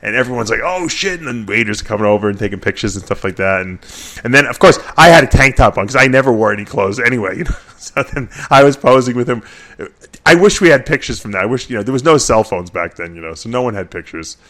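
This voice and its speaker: A middle-aged man hosting a radio show, telling a story. He rambles and restarts often, but keeps things lively and casual. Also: mid-range voice, quick pace. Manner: rambling, animated, many restarts.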